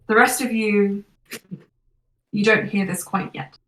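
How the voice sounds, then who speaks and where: A woman game master describes a scene in a measured, descriptive manner for her players. Her voice sits at a middle pitch and carries a noticeable room echo. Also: fairly even intonation, fairly bright tone, far from the mic. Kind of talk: narrating a tabletop game.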